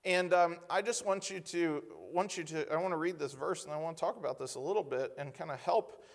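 A man preaching a conversational sermon, asking the congregation rhetorical questions and reading scripture slowly with emphasis. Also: a little high, vocal fry.

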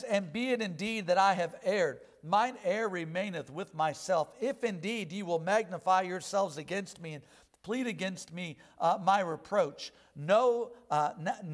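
A man with a notably high speaking voice delivers a sermon. He reads scripture aloud slow and weighty, pressing harder on each line, then drops back into plain explanation. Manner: reads verses slowly with rising emphasis. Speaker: preacher.

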